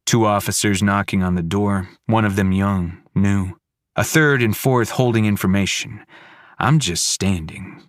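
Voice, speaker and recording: A man narrating a first-person horror audiobook in clipped, fragmented, hushed sentences. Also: lowish voice, unhurried, dry recording, studio quality.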